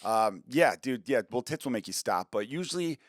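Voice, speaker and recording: A man chatting casually as a podcast guest, telling loose, crude stories quickly. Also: mid-range voice, lively intonation, no echo, clean studio sound. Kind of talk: casual chat.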